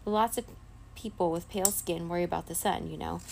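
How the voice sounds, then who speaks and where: A bubbly, excitable schoolgirl who bounces from one idea to the next, as a woman voices her in a storybook read-aloud. She sounds brighter and higher than the narration, with a gravelly fry still under it and faint noise behind. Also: fast talker. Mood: excited. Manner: bouncy and eager.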